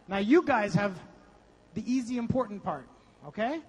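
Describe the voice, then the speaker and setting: A man's voice: very high voice, big pitch swings, measured pace, long pauses, bright, forceful tone, husky, in a large hall. A man leading a motivational seminar, coaching the audience energetically and breaking into song. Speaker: seminar speaker. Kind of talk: motivational seminar with group singing.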